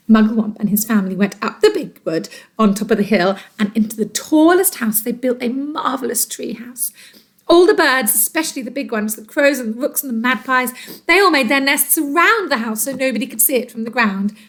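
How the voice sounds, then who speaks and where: A teacher reading a storybook aloud to children, expressive and dramatic. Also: female voice, a little high, a little fast.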